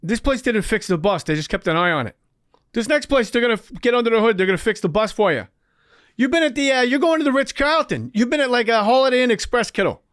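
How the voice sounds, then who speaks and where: A man putting on a brash male friend with a Boston accent, giving a bossy, rapid pep talk. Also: very high voice, lively intonation, a bit bright, no echo, clean studio sound, voice pushed up. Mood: pushy.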